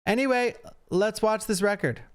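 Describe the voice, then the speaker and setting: A man's voice: high voice, slight background noise. A young man streaming, chatting casually through a reaction to a speedrun with lots of fillers. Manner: chatty, fast asides, frequent fillers.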